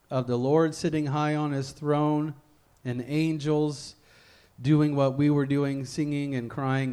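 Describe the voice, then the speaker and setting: A man preaching a sermon, reading scripture slowly and deliberately, then leading a fervent prayer. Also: fairly high pitch, darkish tone, smooth.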